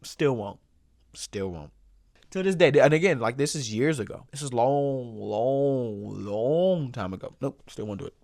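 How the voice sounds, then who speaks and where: A man's voice: medium pitch, animated, unhurried, vocal fry, a little mellow, no room sound, studio quality. A young man hosting his own show, telling a personal story casually and repeating phrases for comic effect. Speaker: host.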